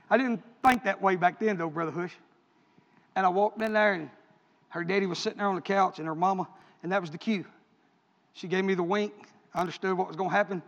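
A man preaching a sermon, telling stories with passion and swinging between loud and hushed delivery. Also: high voice, fairly even intonation, fairly quick, creaky, long pauses. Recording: echoey hall, dull lo-fi sound.

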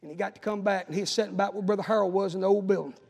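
A preacher with a high, gravelly voice tells a story and then calls his flock forward with mounting urgency. His words ring out through a church hall with a long reverb. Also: fairly even intonation, racing, darkish tone. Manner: storytelling and exhorting, building to urgent appeals. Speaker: pastor. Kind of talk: sermon.

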